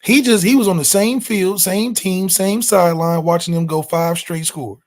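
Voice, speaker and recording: A man hosting a casual sports talk show, speaking in a fairly high voice. He is emphatic and animated, using slang as he argues his points. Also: normal speed. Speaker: sports podcast host.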